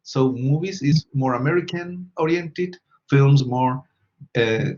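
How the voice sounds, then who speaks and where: Slow, patient male teacher. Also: medium pitch, a little mellow, muffled recording. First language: Spanish. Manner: patient, repeats questions and prompts students. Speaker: English teacher. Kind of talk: classroom English lesson.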